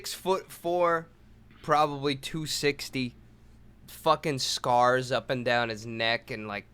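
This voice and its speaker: A man's voice: medium pitch, fairly even intonation, takes it slowly, fairly bright tone, clean tone. A young man telling a rambling story on a casual podcast, swearing freely and acting out quotes. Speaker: podcast co-host.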